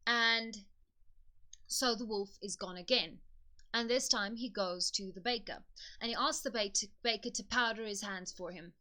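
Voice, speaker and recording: A woman's voice: mid-range voice, unhurried, sharp tone. A woman hosting a book video, retelling a fairy tale in a chatty, conversational way. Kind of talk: casual storytelling retelling.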